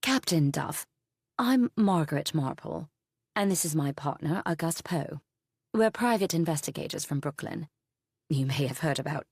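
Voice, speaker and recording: A woman's voice: deep voice, animated, normal speed, darkish tone, slightly rough, dry recording, studio quality, full character voice. A poised British lady detective, read by a woman narrator in an audiobook. She speaks with a British accent, politely and with composed sweetness.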